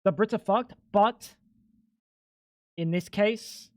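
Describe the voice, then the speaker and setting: A young man streaming live, joking loosely with chat, swearing freely and jumping up into high incredulous squeaks when something baffles him. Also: takes it slowly, a little mellow, no room sound, clean studio sound.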